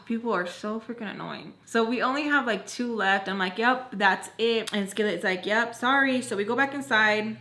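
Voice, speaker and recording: Young woman telling a story, bright kinda high voice, swears a lot, says like constantly. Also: normal speed, hardly any pauses, reverberant. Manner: animated, swears, lots of "like". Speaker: storytime vlogger. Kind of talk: casual storytime chat.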